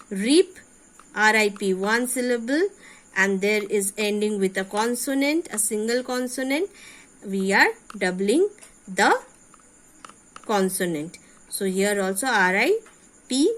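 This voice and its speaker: A woman teacher with an Indian English accent giving a slow classroom grammar lesson, spelling out words letter by letter. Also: fairly high pitch, fairly bright tone, low-quality recording. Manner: slow, spells out letters, repeats rules with questions.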